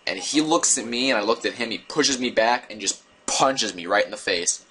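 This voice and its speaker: Low-voiced young man rambling through a story. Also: fairly quick. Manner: rambling, digressive, animated delivery. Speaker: vlogger. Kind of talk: casual storytelling to camera.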